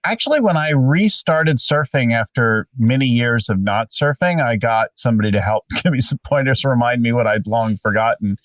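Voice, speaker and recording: A man's voice: medium pitch, moderate pace, hardly any pauses, a bit bright, no echo. A man in his fifties co-hosting a podcast, chatting casually in an upbeat, emphatic way. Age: 50s. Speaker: podcast co-host. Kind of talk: casual chat. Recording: dry sound, distant from the mic.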